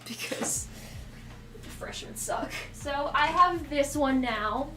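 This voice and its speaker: A woman's voice: fairly high pitch, fairly bright tone, a little hiss or hum. A young woman streamer in casual live chat who swears a lot, laughs often and scolds her cat between remarks. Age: young adult.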